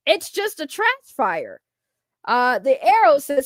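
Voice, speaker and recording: A woman with a high voice hosts a casual reaction livestream. She rambles through chat messages in loose trash talk that often breaks into laughter. Her voice sounds close and dry. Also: sing-song, a little slow, fairly bright tone, no echo. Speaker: streamer.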